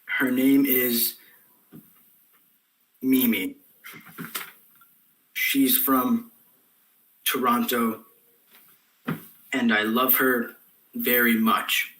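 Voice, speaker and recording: A man's voice: mid-range voice, flat delivery, drawn-out words, long pauses, bright, forceful tone, a little hiss or hum. A young man playing a sulky, reluctant teen boy in a comic stage monologue, grudging and mumbling. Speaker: student actor. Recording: echoey room from far off.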